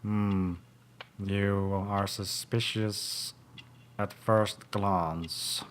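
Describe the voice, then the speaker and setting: A man's voice: low voice, slow pace, fairly bright tone, slight background noise. A man commentating a video game playthrough, making mocking jokes in a theatrical way. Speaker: gaming channel host. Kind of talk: let's play commentary.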